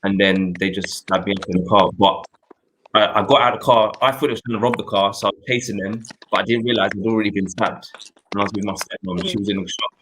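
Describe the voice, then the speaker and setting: A young adult man, hosting a talk show and telling a personal story in an earnest, reflective way, with pauses and restarts. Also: lowish voice, steady tone, fairly bright tone, slight background noise, rough recording. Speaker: host.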